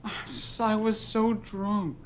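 An actor playing a clueless, self-absorbed young boyfriend in a comedy sketch, talking deadpan and self-pitying. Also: male voice, a little high, moderate pace, noisy background. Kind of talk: scripted comedy sketch acting.

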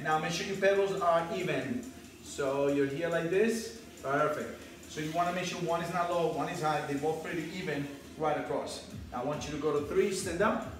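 Over blaring workout music, a spin instructor whose voice is on the high side calls out counts and cheers riders on, a bit breathless, at a moderate pace. The low-quality recording has heavy reverb and a distant mic.

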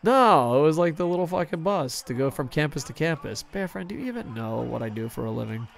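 A man giving casual, excitable commentary on a hockey video game stream, swearing often and poking fun at himself. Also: on the high side, fairly quick, creaky. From United States. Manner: excitable, profane, self-mocking.

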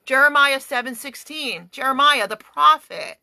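A woman's voice: medium pitch, measured pace, bright, forceful tone, no room sound. A woman leading a fiery, commanding prayer and reading scripture with emphatic, declaiming delivery, speaking from a parked car. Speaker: activist prayer leader.

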